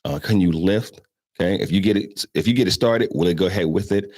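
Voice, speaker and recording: Brief: low-voiced man, blunt instructor asking rhetorical questions, dry close sound. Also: a little fast, darkish tone, dry recording. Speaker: show host, animal handler. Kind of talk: casual instructional talk.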